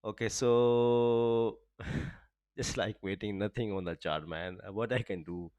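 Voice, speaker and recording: A man with a fairly low voice hosts a live trading stream, walking through market charts as he goes. He keeps filling his sentences with "just, like" and bursts into excited little exclamations. The sound is close and dry, with no room behind it. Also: slow, dry recording. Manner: peppers speech with "just, like", frequent excited exclamations.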